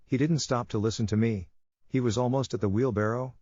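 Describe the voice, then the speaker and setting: A man's voice: mid-range voice, steady tone, fairly quick, no room sound. A man narrating a first-person horror story in a tense, gripping way. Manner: tense first-person retelling with shouted quotes. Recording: dry dull lo-fi audio.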